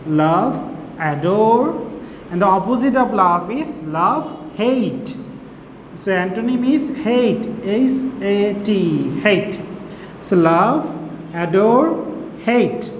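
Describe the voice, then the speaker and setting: Slow-spelling male teacher, echoey room. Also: sits high. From Bangladesh. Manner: slow, spells words letter by letter. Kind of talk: recorded classroom lesson. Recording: echoey room with faint hiss.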